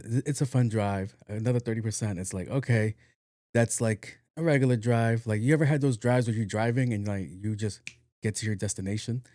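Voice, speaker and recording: A young man from New York hosting a podcast, telling a long story in a casual, animated, profane and self-mocking way. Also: mid-range voice, no echo, studio quality. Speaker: podcast host.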